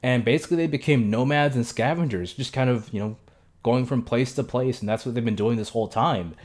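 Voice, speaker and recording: A young man hosting a casual episode review, talking loosely with many fillers and self-corrections and tossing in quick impressions of the characters. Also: mid-range voice, darkish tone. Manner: mimics characters' lines in quick asides. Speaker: show reviewer.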